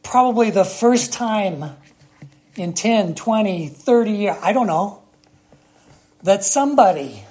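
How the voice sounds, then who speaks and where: A preacher giving a sermon, speaking emphatically with long dramatic pauses and rhetorical questions to the congregation. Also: mid-range voice, lively intonation, a little mellow, husky.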